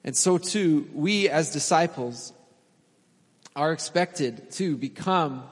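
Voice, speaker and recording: A man in his thirties preaching a sermon as pastor, telling stories in a relaxed, conversational way with fillers and small laughs. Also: a little high, slow pace, breathy edge. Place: church sanctuary. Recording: long hall reverb.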